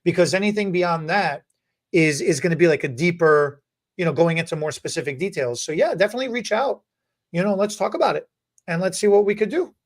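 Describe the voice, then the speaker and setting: A man co-hosting a beauty podcast, telling stories in a lively, casual way and often repeating words. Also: high-pitched, a little fast. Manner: animated, repeats words, acts out quotes. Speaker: podcast co-host, hair educator. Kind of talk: casual storytelling chat.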